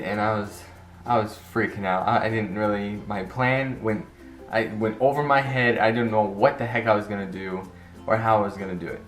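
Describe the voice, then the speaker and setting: A man's voice: on the low side, fairly bright tone. A teenage man telling an embarrassing story to camera in a rambling, casual way, restarting sentences and acting out the quotes. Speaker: vlogger. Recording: roomy echo with faint guitar music.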